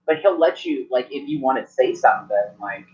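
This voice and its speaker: A man's voice: medium pitch, animated, brisk. A man running a tabletop game as game master, narrating in a rambling way. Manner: rambling, many restarts and fillers. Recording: muffled lo-fi recording.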